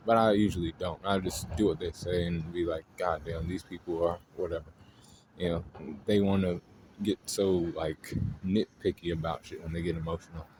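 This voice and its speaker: Low-voiced guy ranting casually, swears a lot, kinda fed up, noisy recording. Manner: blunt, profane, exasperated venting. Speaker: astrology video host.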